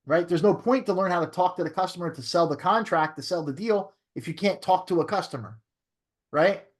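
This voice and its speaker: A man's voice: sits high, a little fast. A man who is a real estate broker teaching a training class in a coaching way, often checking in with "right?".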